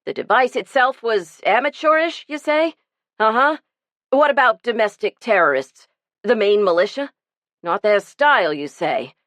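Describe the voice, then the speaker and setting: Lady reader as a frazzled male editor, curt and pushy, pitch jumping around. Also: animated, a bit bright, no echo. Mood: impatient. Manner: curt, hurried. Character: harried male newspaper editor, impatient.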